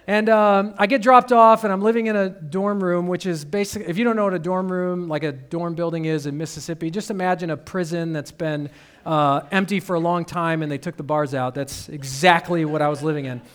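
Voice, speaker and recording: A man's voice: a little high, steady tone, a little fast. A man from Detroit, Michigan, preaching a sermon as a pastor in a conversational storytelling way with humorous asides.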